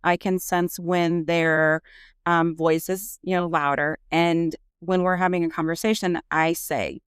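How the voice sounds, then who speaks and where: A woman's voice: fairly low pitch, flat delivery, measured pace, smooth, dry recording, studio quality. A woman nurse practitioner and parent talking candidly in a casual podcast conversation, with frequent fillers. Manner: earnest, candid, frequent "you know" fillers.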